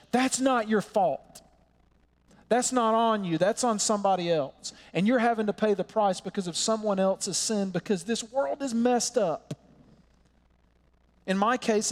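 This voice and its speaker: A high-pitched man delivers an earnest, impassioned sermon, slowing to lean on key words. His voice rings with a long reverb, as in a church hall. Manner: earnest, impassioned preaching with slow emphatic pauses. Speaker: pastor.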